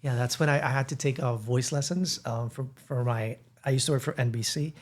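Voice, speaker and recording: A man in his fifties with a Miami accent, chatting casually as a podcast guest co-host and telling stories with lively emphasis. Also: mid-range voice, brisk. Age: 50s. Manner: animated storyteller mixing in Spanish phrases.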